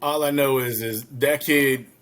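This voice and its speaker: A man's voice: medium pitch, steady tone, measured pace, fairly bright tone. A man co-hosting a casual podcast, blunt and firm, repeating his point. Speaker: podcast co-host. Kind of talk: casual debate chat.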